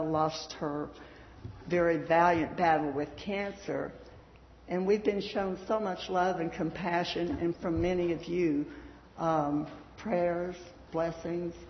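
A middle-aged woman with a Southern US accent, giving a folksy devotional talk with fillers and reading scripture aloud. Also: fairly low pitch. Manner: chatty, folksy, with frequent fillers. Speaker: church speaker. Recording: echoey dull hall sound.

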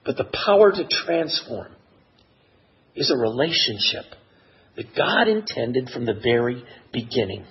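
A man preaching a sermon in an expressive, measured way that builds to emotional emphasis. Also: mid-range voice, slightly rough, highs cut off. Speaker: pastor.

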